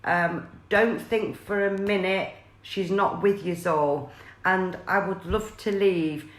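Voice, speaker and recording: A woman's voice: mid-range voice, steady tone, slow pace, echoey room. A woman, chatting on a live stream as a psychic medium and passing on messages with many fillers and restarts.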